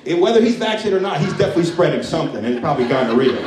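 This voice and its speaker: A man's voice: fairly high pitch, big pitch swings, rapid-fire, noisy background. A man doing a stand-up set with crowd work in a comedy club, crude and often laughing at his own jokes. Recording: echoey room, mic from distance.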